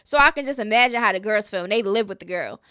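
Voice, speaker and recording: A woman's voice: medium pitch, animated, fast talker, bright, forceful tone, smooth, no echo, clean studio sound. A woman hosting her own commentary channel, giving a casual, blunt and sassy recap of a reality show and scolding the cast directly.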